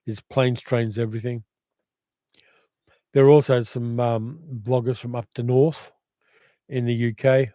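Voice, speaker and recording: A man's voice: mid-range voice, little pitch movement, unhurried, long pauses, warm tone, no echo. An older man with an educated Australian accent, hosting a casual livestream and reading out viewer comments in a reflective, rambling way. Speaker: livestream host.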